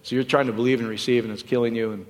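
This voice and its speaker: A male pastor preaching a sermon in a loose, joking style, full of quick asides and questions to the congregation. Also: mid-range voice, steady tone. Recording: long reverb of a church hall.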